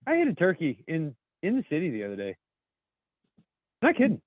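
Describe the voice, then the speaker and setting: A man's voice: fairly high pitch, huge pitch swings, fast, no room sound. A man co-hosting a casual podcast, reading memes aloud with dry, joking asides. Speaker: podcast co-host. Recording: thin phone-like podcast audio.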